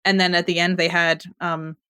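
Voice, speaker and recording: A woman's voice: lowish voice, level tone, moderate pace, pushed and bright, clear, resonant tone, no room sound, studio quality. A woman co-hosting a podcast, recapping a TV episode in a chatty, rambling way with restarts and laughs. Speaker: podcast co-host. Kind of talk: casual TV recap chat.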